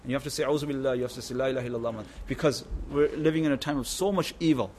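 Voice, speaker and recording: A man's voice: mid-range voice, racing, darkish tone, slight background noise. A man giving an informal sermon to a religious gathering, repeating his points and often checking that listeners understand. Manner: repetitive, keeps asking "understand?". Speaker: religious teacher.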